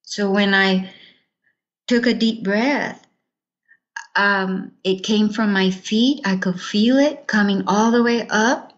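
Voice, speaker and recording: A woman's voice: mid-range voice, slow, muffled recording. A woman giving an earnest personal testimony in an interview, acting out the words of others as she tells it. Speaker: interview guest.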